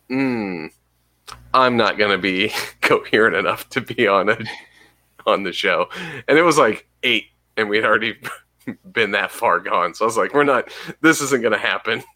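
A man's voice: lowish voice, unhurried, bright, forceful tone. A man co-hosting a casual podcast who teases and laughs often. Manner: wry, teasing, laughs often. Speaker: podcast co-host.

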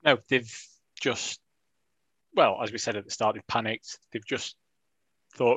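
A man's voice: medium pitch, expressive, moderate pace, fairly bright tone, slightly rough, dry recording. A man co-hosting a casual football podcast, talking in dry, wry dialect banter. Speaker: podcast co-host.

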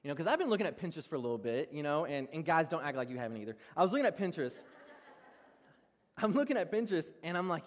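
A young male pastor preaching a sermon, telling self-deprecating personal stories in an animated way with frequent laughs. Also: on the high side, racing. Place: large church hall. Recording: long reverb of a church hall.

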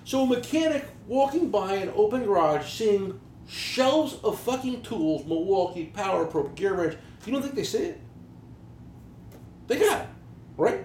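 A man hosting a podcast, swearing freely through lively, animated stories about his tool business. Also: sits high, measured pace. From New Jersey. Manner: profane, animated storytelling. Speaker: podcast host, tool dealer. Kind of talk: casual podcast chat. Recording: roomy echo, faint background hiss.

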